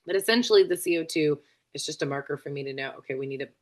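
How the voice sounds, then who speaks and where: A woman's voice: deep voice, racing. A woman practitioner giving a casual explanatory lesson, chatty, with lots of fillers and asides, sounding a bit tired. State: tired, yawning. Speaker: functional medicine practitioner.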